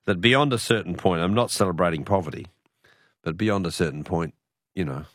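A man's voice: deep voice, fairly quick, no echo. A middle-aged Australian man hosting talkback radio in a studio, chatty, affable and musing. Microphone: studio mic.

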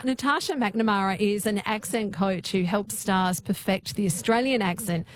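A woman hosting a radio talk show, asking curious questions and inviting callers in a conversational way. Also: mid-range voice. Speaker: radio host.

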